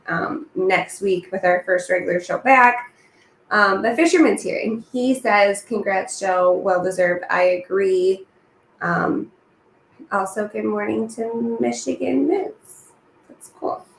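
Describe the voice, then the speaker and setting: A chatty, upbeat woman hosting a casual stream meeting, rambling from one topic to the next with plenty of fillers. Her voice sits at a middle pitch. She is recorded in an echoey room with a faint hiss behind her. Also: fairly bright tone. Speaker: host. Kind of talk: casual production meeting chat.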